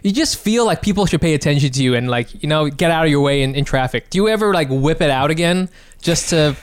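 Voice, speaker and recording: A man hosting a comedy podcast, talking in an excitable casual way, laughing often and swearing freely. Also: a little high, quick pace, smooth, no echo. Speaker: podcast host.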